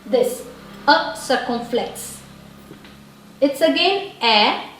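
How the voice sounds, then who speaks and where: A woman's voice: high-pitched, expressive, drawn-out words, heavy reverb, a little hiss or hum, rough recording. A woman teaching a language lesson, patiently explaining and repeating words and checking in with her viewers. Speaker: French teacher.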